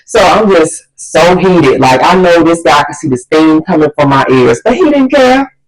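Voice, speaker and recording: A woman vlogger telling a story in an animated, exasperated way. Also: sits low, normal speed, low-quality recording. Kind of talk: storytime vlog.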